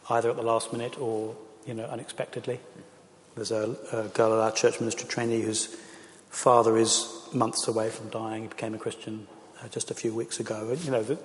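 Earnest pastor in an echoey hall. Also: male voice, on the low side. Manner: earnest, passionate, with frequent fillers. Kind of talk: talk and Q&A to a church audience.

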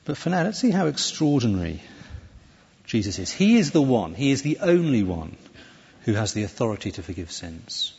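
Preacher with a lively, echoey sermon voice. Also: male voice, medium pitch, moderate pace, creaky, breathy edge. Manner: lively, conversational preaching with self-corrections. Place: church. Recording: dull, echoey church hall recording.

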